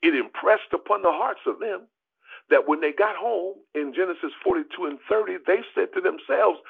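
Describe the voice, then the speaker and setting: A man, a pastor, preaching an animated sermon on a prayer call, calling out to listeners as y'all and rising high for emphasis. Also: moderate pace, vocal fry, husky. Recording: tinny phone line.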